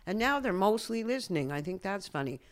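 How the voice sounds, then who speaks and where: A woman's voice: mid-range voice, very animated, fast. Wry older Canadian woman telling stories. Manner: wry storyteller, acts out voices in anecdotes, laughs often. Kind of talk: casual interview chat.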